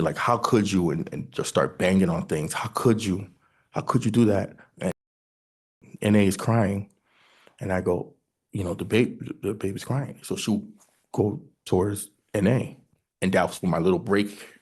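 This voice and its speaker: A man testifying at a hearing, recounting events in a halting, hesitant way that often breaks off and restarts. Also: sits low, darkish tone, husky.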